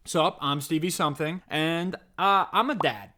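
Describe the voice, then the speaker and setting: A man's voice: on the high side, moderate pace, sharp tone, soft background music. A man in his thirties, a dad, giving a jokey, sarcastic, mock-dramatic commentary on a children's show. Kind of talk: comedic commentary vlog.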